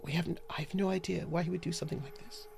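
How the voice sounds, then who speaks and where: A man voicing a grieving, exhausted blacksmith's widow who talks in shaky, hurried bursts. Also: on the high side, steady tone, vocal fry, background noise, voice pushed up.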